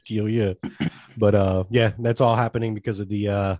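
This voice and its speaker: A laid-back man co-hosts a casual podcast in an easygoing, chatty way. His voice is lowish and recorded dry and close. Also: level tone, moderate pace, a little mellow, dry recording. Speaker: podcast co-host. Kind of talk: casual chat.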